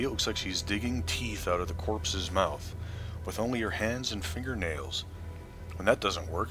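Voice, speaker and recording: Let's play host, low and bright voice, reads game text, dry asides. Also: male voice. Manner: dry, offhand asides between read passages. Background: faint game music.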